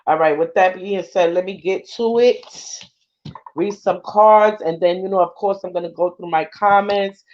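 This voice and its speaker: A woman's voice: lowish voice, moderate pace, darkish tone, highs cut off. A woman spiritual card reader in casual livestream talk, emotional and earnest, often checking that listeners follow her. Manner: emotional and earnest, keeps asking if you follow.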